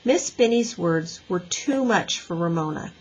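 Lively husky woman reading a storybook. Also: lowish voice, a little slow, rough recording. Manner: expressive, lively. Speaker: teacher reading aloud. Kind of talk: storybook read-aloud.

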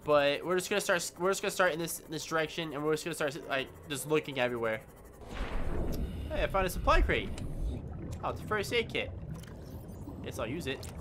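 A man's voice: fairly high pitch, lively intonation, a little fast, long pauses, noisy background. A man giving casual gameplay commentary, rambling with stammering restarts and yelping in panic when startled. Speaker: gaming YouTuber. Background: game music.

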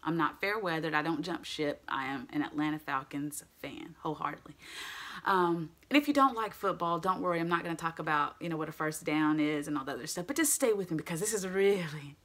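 Brief: middle-aged woman preacher, forceful bright tone, emphatic and animated sermon delivery. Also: deep voice, brisk. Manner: animated, emphatic, laughs often.

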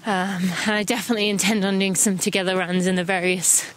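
A woman's voice: mid-range voice, fairly even intonation, fast talker, slight background noise, poor audio. An English woman hosting a running podcast, chatting casually and counting listeners into strides as she walks outdoors. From England. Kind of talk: casual audio running guide. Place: walking outdoors.

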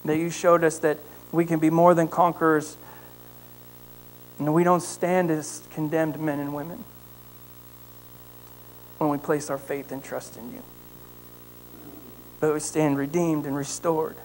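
A man preaching a sermon as pastor, telling a story with lively emphasis and then praying quietly. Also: a little high, unhurried, long pauses, slight background noise, low-quality recording. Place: church sanctuary.

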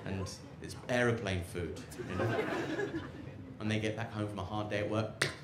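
A man's voice: lowish voice, fairly even intonation, normal speed, very noisy. A man doing a stand-up set on an outdoor rooftop, with a dry, ironic delivery full of fillers and halts. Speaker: stand-up comedian. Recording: echoey rooftop with loud crowd laughter.

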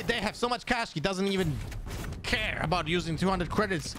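A man with a non-native English accent doing live esports play-by-play, excitable and thinking aloud with restarts. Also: high-pitched, normal speed, background noise. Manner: excitable, jumps up to shouts on kills. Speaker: esports caster.

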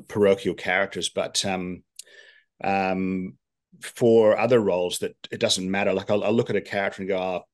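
A man who grew up in Scotland and New Zealand, with a mixed accent, chatting as an interview guest in a relaxed, rambling way full of fillers and restarts. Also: deep voice. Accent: mixed Scottish and New Zealand. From Scotland, raised in New Zealand. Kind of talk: casual interview chat.

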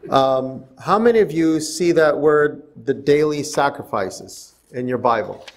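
A man's voice: a little high, lively intonation, unhurried. A male pastor giving a conversational bible study sermon in a church, often asking the congregation questions. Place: church sanctuary.

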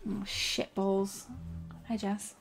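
A young woman giving live commentary on her game, excitable and jumpy, gasping and swearing freely as she plays. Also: medium pitch, extremely slow, vocal fry, soft background music. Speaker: streamer playing a retro shooter.

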